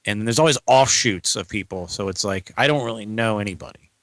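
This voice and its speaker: A man's voice: on the low side, fairly quick, a bit bright, no echo. A man, co-hosting a casual podcast, rambling and asking lots of questions. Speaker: co-host.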